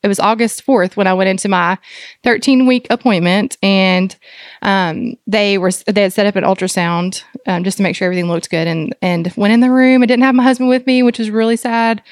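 A woman guest on a podcast interview, speaking earnestly and haltingly with many fillers as she describes her experience as a doula and mother. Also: medium pitch, no echo, studio quality. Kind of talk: conversational interview.

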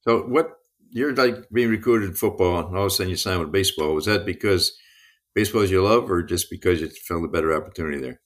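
Quick, low-voiced male podcast host. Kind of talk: interview questions, casual chat.

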